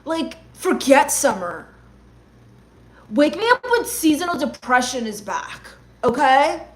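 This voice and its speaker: Very animated yet slow-paced, this high-voiced woman is a comedian reading her livestream chat aloud. She responds to the comments with gloomy, sarcastic mock-goth rants.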